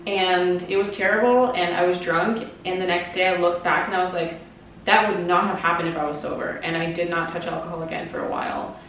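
A Canadian vlogger in her twenties gives candid, emotional breakup advice, confiding and swearing casually with lots of "like." Her lowish voice is brisk, fairly even and a bit bright. A compact camera mic sits somewhat far off in an echoey room, with a little hiss or hum.

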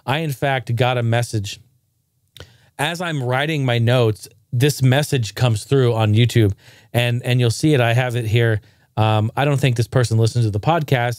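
A man's voice: medium pitch, darkish tone, no echo, studio quality. A man hosting his own podcast, talking casually and earnestly, rambling with fillers and restarts. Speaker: podcast host. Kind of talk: casual solo podcast monologue.

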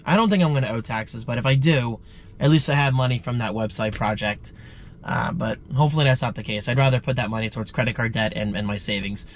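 A man vlogging casually, sounding congested and rambling in a chatty, self-deprecating way. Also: on the high side. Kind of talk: casual vlog chat.

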